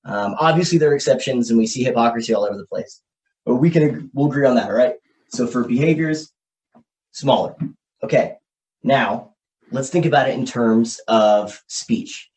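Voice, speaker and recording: A man hosting a podcast, thinking out loud as he explains ideas at a whiteboard and often checks in with "okay?" and "right?". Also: mid-range voice, normal speed. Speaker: podcast host. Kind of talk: casual explanatory podcast talk. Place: room with a whiteboard.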